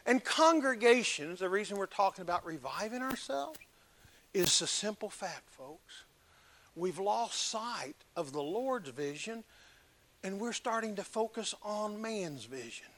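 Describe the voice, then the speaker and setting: A man preaching a sermon, emphatic, swinging between loud exhortation and hushed earnest talk. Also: high-pitched, very animated, measured pace.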